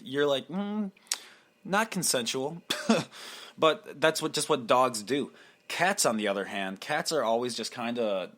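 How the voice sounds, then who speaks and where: A man's voice: medium pitch, a bit bright. Foul-mouthed young man rambling on a podcast. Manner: crude, profane, rambling with frequent laughs; mocking impressions of people. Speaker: podcast host. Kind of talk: solo rambling podcast monologue.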